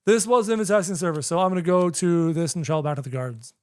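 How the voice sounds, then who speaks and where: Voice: medium pitch, fast, a little mellow, smooth, no room sound, studio quality. A young adult game streamer doing live gameplay commentary, chatty, talking to chat and repeating phrases while figuring things out.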